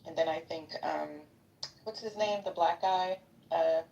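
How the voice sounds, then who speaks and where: Gravelly low-voiced woman in her fifties, rambling and jokey, sitting far from the mic. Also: steady tone, unhurried, mellow, lo-fi sound, slight background noise. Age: 50s. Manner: rambling, joking, gossipy. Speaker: participant in a live audio chat. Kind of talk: casual chat.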